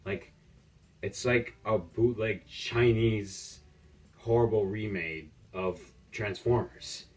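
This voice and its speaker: A man's voice: on the low side, fairly even intonation, slow, a little mellow. Young man ranting mockingly, off-mic. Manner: mocking, joking rant. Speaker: YouTuber reacting to clips. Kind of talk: casual reaction commentary. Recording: distant mic with faint music.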